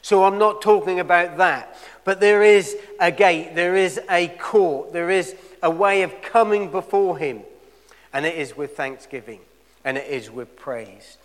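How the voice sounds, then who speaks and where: A male preacher delivering a sermon in a church, swinging between loud emphatic peaks and quiet asides. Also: high-pitched, a little slow, big-room sound.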